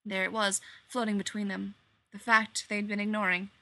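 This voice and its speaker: A woman reading fiction aloud in an expressive, animated storytelling manner. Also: medium pitch, moderate pace. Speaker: reader.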